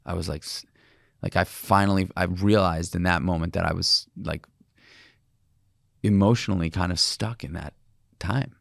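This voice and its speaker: Solo podcast host, forties, male; low gravelly voice, candid confessional delivery. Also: steady tone, moderate pace, long pauses, fairly bright tone, no room sound, studio quality. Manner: candid, rambling, emotional storytelling with restarts.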